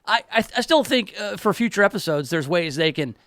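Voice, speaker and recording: A man's voice: sits high, expressive, a little fast, a bit bright, dry recording, clean studio sound. A middle-aged man hosting a radio talk show, chatting casually and wryly with many restarts. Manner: wry, talkative, many restarts. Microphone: studio microphone.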